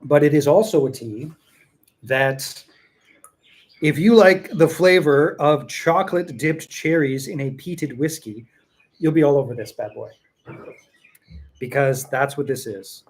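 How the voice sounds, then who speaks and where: A man's voice: on the high side, measured pace, long pauses. A man hosting a casual tea tasting chat, rambling and repeating himself for emphasis. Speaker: tea seller and show host.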